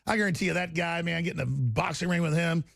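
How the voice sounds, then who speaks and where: A man's voice: on the high side, fast, vocal fry, fairly bright tone, no echo, clean studio sound. A middle-aged man hosting a talk show, blunt and mocking, laughing at his own jokes. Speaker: radio show host. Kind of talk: casual political talk.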